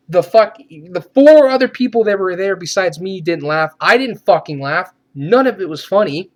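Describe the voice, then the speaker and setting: A man giving a profane, sarcastic movie rant, swearing often and laughing ironically. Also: sits high. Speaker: movie reviewer.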